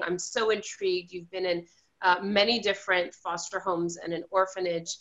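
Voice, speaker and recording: A woman's voice: fairly low pitch, sharp tone, highs cut off. A woman hosting a spiritual online interview, gushing and effusive as she welcomes her guest. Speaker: host.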